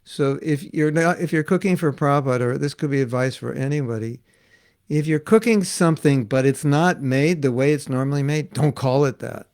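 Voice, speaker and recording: An older man giving a religious class, telling stories in a lively way, chuckling and acting out what people said. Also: mid-range voice, moderate pace. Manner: lively anecdotal storytelling with chuckles and acted-out quotes. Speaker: spiritual teacher.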